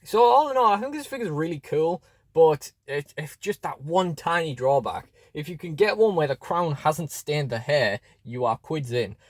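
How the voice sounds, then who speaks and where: A man's voice: on the high side, big pitch swings, moderate pace, no echo. A man chatting casually through a toy unboxing review, rambling with fillers and restarts, recorded close and dry.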